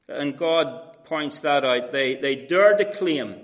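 A man preaching an expository sermon, addressing his listeners as friends, with frequent pauses and fillers. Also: medium pitch, a bit bright.

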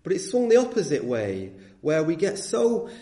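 Male preacher, earnest sermon delivery, mellow tone, echoey room. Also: a little high, wildly swooping pitch, normal speed. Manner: earnest, emphatic, rhetorical questions.

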